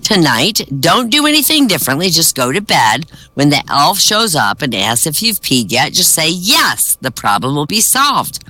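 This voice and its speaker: A man telling a string of old jokes to an online comedy audience, jumping his pitch to act out each character's line. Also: wildly swooping pitch, normal speed, hardly any pauses, bright, forceful tone, no echo. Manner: acts out characters' lines with pitch jumps. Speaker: comedy set performer.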